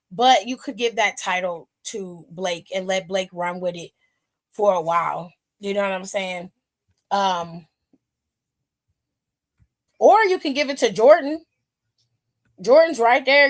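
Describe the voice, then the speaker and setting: A woman co-hosting a live stream, recapping wrestling in a blunt, profane, animated way. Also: medium pitch, rough recording. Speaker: stream co-host. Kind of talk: casual wrestling chat.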